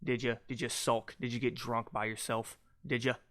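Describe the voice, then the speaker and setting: A young man hosting his own podcast on a cheap mic, ranting loudly and mockingly with lots of swearing. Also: medium pitch, little pitch movement, moderate pace. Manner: loud, mocking, profane ranting. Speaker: podcast host. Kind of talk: casual ranting monologue. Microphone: cheap USB podcast mic.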